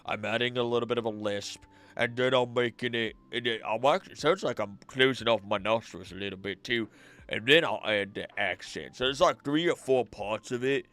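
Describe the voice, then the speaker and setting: A man's voice: mid-range voice, moderate pace, a bit bright. Man chatting casually on a late-night stream. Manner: thinking aloud, answering chat questions. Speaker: streamer and voice actor.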